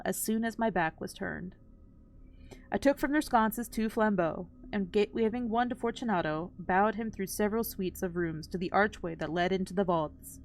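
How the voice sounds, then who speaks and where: A woman's voice: mid-range voice, slight background noise. A woman reading a classic story aloud on a live stream, with casual asides when she trips over hard words.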